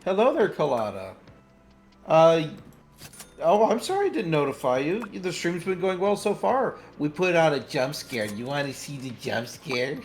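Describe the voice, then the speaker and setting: A man's voice: fairly high pitch, big pitch swings, normal speed, soft background music. A man streaming a game live, chatting casually with friends and his chat in a playful, teasing way.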